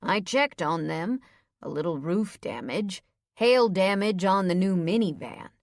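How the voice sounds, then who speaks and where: Woman doing a stoic big male patrolman, slow clipped lines, steady, audiobook, dry close sound. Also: on the low side, dry recording. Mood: steady, terse. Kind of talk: audiobook character voice.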